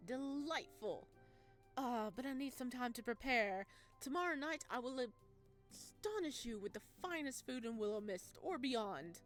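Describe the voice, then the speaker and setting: A man's voice: very high voice, expressive, unhurried, fairly bright tone, faint music behind, heavily acted. A woman voicing a flamboyant male restaurant owner in a put-on vaguely Italian accent, grandiose and flowery. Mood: effusive.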